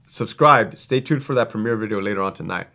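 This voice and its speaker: A man's voice: on the low side, expressive, fairly quick, vocal fry, sharp tone. A man who once worked as a prison guard, telling a story in a blunt, casual way, full of swearing and fillers like "like" and "right?". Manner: blunt, profane, conversational with many fillers.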